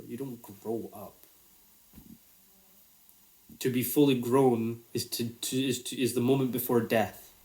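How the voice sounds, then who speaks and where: A man's voice: medium pitch, a little mellow. A man, telling a personal story in a casual, reflective way, swearing freely.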